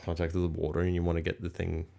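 A middle-aged man, a former airline pilot, chatting as a podcast guest and explaining things in a calm, measured way. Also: deep voice, vocal fry. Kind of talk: casual podcast chat.

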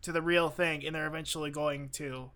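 A man's voice: fairly high pitch, fairly even intonation, a little fast, sharp tone. A young man hosting a comedy podcast, joking and laughing often, self-mocking. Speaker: podcast host. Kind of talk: casual comedic chat.

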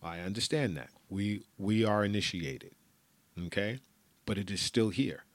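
A man's voice: lowish voice, lively intonation, unhurried, dry recording. A man hosting a solo podcast, ranting bluntly and profanely with lots of repetition. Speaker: podcast host.

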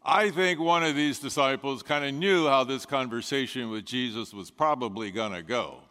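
A man preaching a sermon as a pastor, telling the story in a measured way with dramatic pauses. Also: medium pitch, bright, forceful tone. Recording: long reverb of a large hall.

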